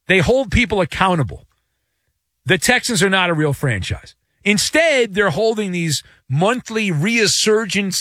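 Animated sarcastic sports talk man. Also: high-pitched, moderate pace, no echo, studio quality. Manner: animated, sarcastic, mocking quarterbacks and owners. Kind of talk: opinionated sports commentary.

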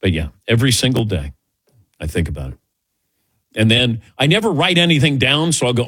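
A man's voice: medium pitch, animated, a little fast, long pauses, fairly bright tone, husky, dry recording, studio quality. A middle-aged man answering audience questions in a casual, rambling, self-mocking way, telling little stories.

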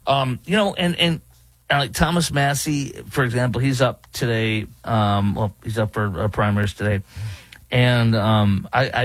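A man's voice: medium pitch, a bit bright, breathy edge, no echo, low-quality recording. A middle-aged man doing an opinionated political commentary, indignantly mocking the quotes he reads aloud and rebutting them.

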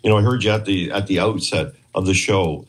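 A man's voice: sits low, a little fast, breathy edge. A man from Canada, a guest on a talk show, telling a long rambling story and acting out quotes from the people in it. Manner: rambling, animated anecdotes with acted quotes. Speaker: podcast guest, former police trainer. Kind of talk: casual storytelling interview.

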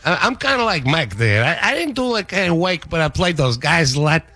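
A man doing a comic impression of a quick-tempered mobster, stammering and bristling at imagined insults. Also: on the high side, big pitch swings, sharp tone, no room sound, full character voice. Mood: boastful. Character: hot-headed touchy male mobster, middle-aged. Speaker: studio guest doing an impression. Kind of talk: comic impression on a radio show.

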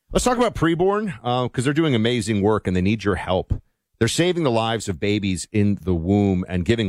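A man's voice: lowish voice, dry recording. A man co-hosting a talk radio show, chatting and reading a live sponsor spot with emphasis. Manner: conversational, emphatic ad delivery. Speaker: radio co-host.

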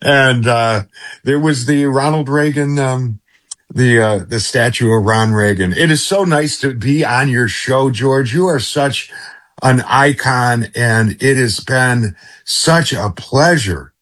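A man's voice: mid-range voice, takes it slowly, fairly bright tone. A middle-aged man guesting on a talk radio show, effusive and rambling, often restarting his sentences. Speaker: radio guest, former radio host.

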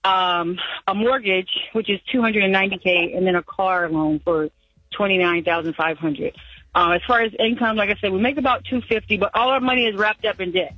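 A woman's voice: mid-range voice, a little fast, husky, dry recording. Anxious woman caller on a dull phone line. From San Diego. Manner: anxious, rambling, nervous laughs. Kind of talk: phone-in call.

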